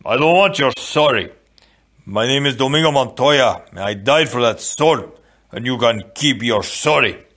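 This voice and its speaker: A man's voice: medium pitch, lively intonation, measured pace, fairly bright tone. A man voicing the bitter ghost of a dead father in a storybook reading, stern and reproachful.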